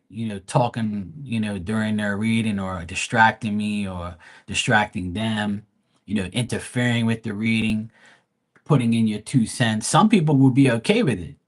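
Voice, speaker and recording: A man who reads tarot live, chatting casually with his viewers in a blunt, profane, slangy and rambling way. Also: on the low side. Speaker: live tarot reader and streamer. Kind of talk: casual livestream chat.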